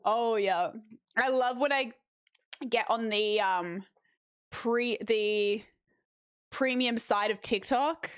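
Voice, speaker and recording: A woman's voice: on the high side, slow pace, pauses often, clean tone. Chatty young woman streamer. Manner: chatty, slangy, laughs easily. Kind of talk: casual chat.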